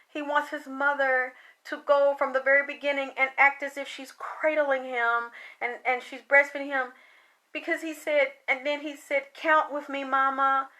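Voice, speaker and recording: High, bright-voiced woman relaying a spirit. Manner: emotional, rambling, swears casually. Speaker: psychic medium. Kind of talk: channeling spirit messages, monologue.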